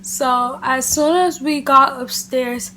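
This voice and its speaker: A woman with a high, bright-sounding voice recounts a personal story in a casual, chatty vlog. Her delivery is animated and loose, full of "like" and "literally". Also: takes it slowly, slight background noise. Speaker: beauty vlogger. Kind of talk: casual storytime chat to camera.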